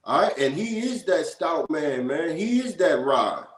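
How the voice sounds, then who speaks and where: A man's voice: a little high, very animated, a little slow. A man co-teaching scripture who reads verses and tags lines with "man". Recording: echoey room.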